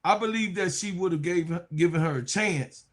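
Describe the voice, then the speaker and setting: A man hosting a casual sports talk stream, reading viewer comments aloud. He is under the weather and breaks into loud, animated outbursts. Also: sits high, normal speed. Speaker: sports talk show host.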